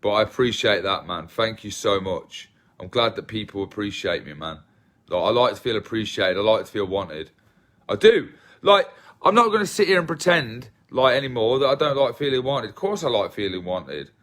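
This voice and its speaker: A man's voice: on the low side, animated, moderate pace, a bit bright. Chatty English man on a livestream. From England. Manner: chatty, self-deprecating, greets viewers by name. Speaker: livestream host. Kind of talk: casual livestream chat.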